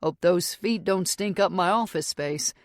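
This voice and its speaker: A woman voicing a gentle, teasing male bartender who speaks softly with a Texan accent. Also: high voice, unhurried, no room sound, clean studio sound. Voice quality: soft voice.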